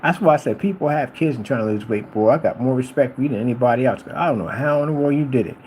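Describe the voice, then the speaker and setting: A man's voice: mid-range voice, fast, darkish tone, slight background noise, poor audio. A middle-aged man ranting to camera as a vlogger, rambling and repeating himself while addressing a rival directly.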